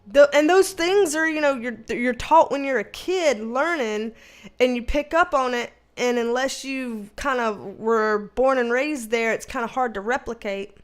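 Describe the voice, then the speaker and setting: A woman's voice: fairly high pitch, measured pace. A young adult woman from the United States hosting a casual live chat, a bit tipsy, giggly and rambling, swearing casually as she reads out the chat. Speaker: livestream host reading chat.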